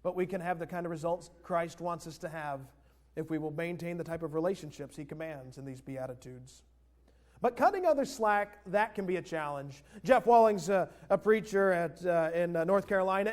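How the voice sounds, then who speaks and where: A male pastor preaching a sermon earnestly, leading the congregation in repeating phrases. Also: sits high. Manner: earnest, leads the congregation in call-and-response.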